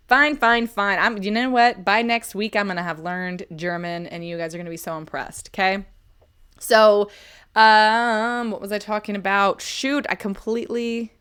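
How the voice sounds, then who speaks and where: A woman in her thirties reviews a book on a live stream, chatting casually, poking fun at herself, and reading chat comments aloud. Her medium-pitched voice sounds a bit bright and clean.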